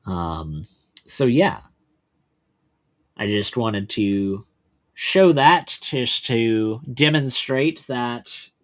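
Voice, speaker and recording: Male streamer, mid pitch, profane ranting political commentary. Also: fairly bright tone. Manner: ranting, heavily profane, loose with fillers. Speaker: livestream host. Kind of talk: political commentary livestream, reading articles aloud.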